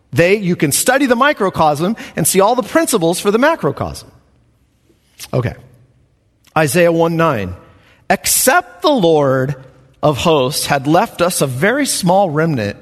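Animated preacher man in reverberant hall. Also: high-pitched. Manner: animated, emphatic, chuckles often. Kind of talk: evening Bible study sermon.

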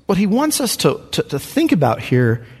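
A man's voice: high-pitched, huge pitch swings, normal speed, a little mellow, breathy edge. Preaching man in a reverberant hall. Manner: earnest, preacherly, repeats questions for emphasis. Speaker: pastor. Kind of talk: sermon.

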